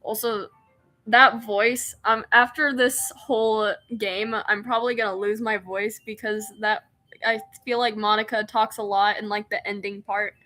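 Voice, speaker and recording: A woman's voice: mid-range voice, steady tone, unhurried, sharp tone, soft background music. A woman streamer reading a visual novel aloud, narrating in first person and breaking off into giggly, self-mocking asides.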